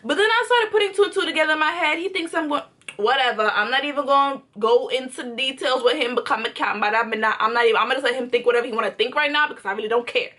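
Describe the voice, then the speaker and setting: Bright, sassy woman vlogger. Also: sits high. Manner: emphatic, repetitive, sassy. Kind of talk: storytime chat.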